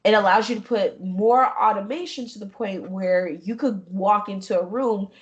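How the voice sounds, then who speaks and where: A young woman chatting as an interview guest. She talks in an animated, expressive way, laughing easily and slipping into little quoted voices. Her pitch sits in the middle. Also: normal speed, highs cut off. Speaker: guest, gaming streamer. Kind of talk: casual interview chat.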